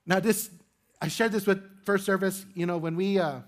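A male pastor with a high voice preaches to his church in an easy, conversational way. He asks his listeners rhetorical questions and adds light humor. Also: fairly even intonation, moderate pace. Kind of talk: sermon. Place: church sanctuary with congregation.

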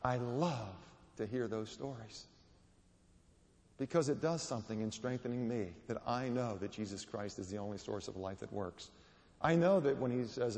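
A man's voice: mid-range voice, darkish tone. A man giving a sermon as a guest preacher, telling stories with rising emphasis. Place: church or hall. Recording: long hall reverb.

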